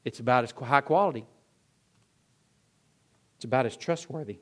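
A man preaching a sermon to a congregation, firing off rhetorical questions and swinging between loud emphatic peaks and low, quiet drops. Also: moderate pace. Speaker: pastor.

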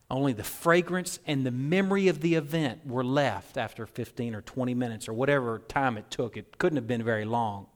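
A man preaching a sermon, storytelling animatedly and swinging from hushed to loud. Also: mid-range voice. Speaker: pastor.

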